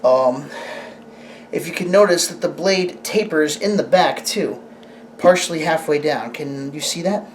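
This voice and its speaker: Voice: medium pitch, a little hiss or hum. A host reviewing a sword on camera in a casual, rambling way, often restarting sentences and asking the camera operator questions. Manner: rambling, halting, with frequent restarts.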